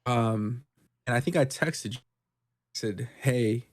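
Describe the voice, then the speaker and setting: Male co-host, casual recap chat, swears often, rambles with excitement. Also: mid-range voice, slow pace. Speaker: podcast co-host.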